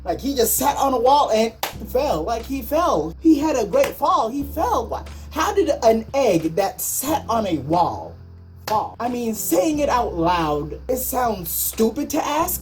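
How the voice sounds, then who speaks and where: A woman's voice: on the high side, a little mellow. A woman vlogger telling a comedic story in a jokey, mock-outraged way.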